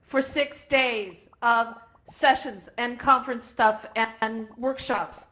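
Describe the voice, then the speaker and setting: An excitable woman delivers the closing speech for a conference held in virtual reality. Her voice sits a little high, and she laughs often and gets emotional between thank-yous and numbers. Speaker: conference organizer.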